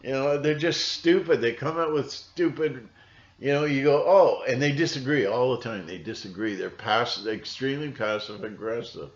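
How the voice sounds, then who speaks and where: A man's voice: mid-range voice, moderate pace. A man vlogging at home in a rambling monologue, with frequent restarts and a conspiratorial tone. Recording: roomy, dull lo-fi sound.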